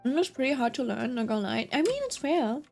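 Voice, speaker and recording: A woman's voice: sits high, very animated, fast, gravelly, a little mellow, soft background music. A young woman streamer chatting casually, telling a rambling story full of fillers and giggles.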